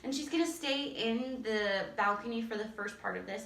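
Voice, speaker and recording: A woman's voice: a little high, normal speed, vocal fry, hardly any pauses, a bit bright. A woman theater teacher giving casual, enthusiastic stage directions, laughing often. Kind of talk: casual instructional talk. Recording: roomy echo, distant from mic.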